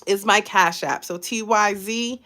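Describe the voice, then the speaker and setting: A woman's voice: mid-range voice, unhurried, bright, forceful tone. A woman life coach hosting a live stream, chatting casually and encouraging her viewers, thanking them by name. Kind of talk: casual motivational live chat.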